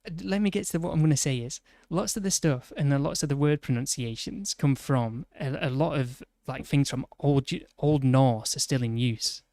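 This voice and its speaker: A Yorkshire man chatting on a game stream, getting worked up and tripping over his own words as he argues. His voice sits at an ordinary pitch and sounds close and dry, with no room around it. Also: a little mellow, dry recording. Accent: Yorkshire English. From Yorkshire, England. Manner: rambling, indignant banter with quick restarts. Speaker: livestreamer. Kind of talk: casual gaming stream chat.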